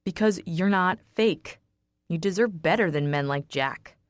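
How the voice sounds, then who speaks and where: A woman voicing a blunt, protective teenage boy who curses freely and teases, in a slow, dry audiobook read. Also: fairly low pitch, dry recording, close to an everyday voice.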